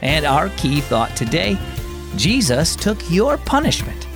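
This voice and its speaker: Over music, a man with a slightly high, creaky voice hosts and narrates a children's devotional story program. He sounds upbeat and friendly, taking his time with wide pitch swings, and is recorded close on a studio mic.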